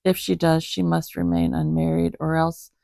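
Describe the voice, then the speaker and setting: A woman reads scripture aloud to her cats at home in a relaxed, chatty way, and she laughs at herself easily. Her voice sits on the low side with a gravelly fry. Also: normal speed, dry recording. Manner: giggly, chatty, self-deprecating. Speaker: host. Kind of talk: casual Bible reading to pets.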